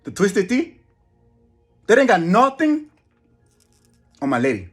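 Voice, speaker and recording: A man voicing a brash, loud Spanish-speaking character named Felipe. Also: high voice, wildly swooping pitch, measured pace, breathy edge, faint music behind, pitched above the performer's own voice, exaggerated voice.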